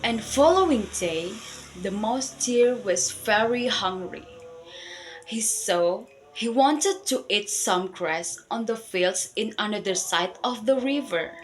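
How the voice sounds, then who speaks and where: Slow-reading Indonesian schoolgirl storyteller. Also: mid-range voice, lively intonation, faint music behind, rough recording. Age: teens. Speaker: student. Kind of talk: storytelling for school English exam.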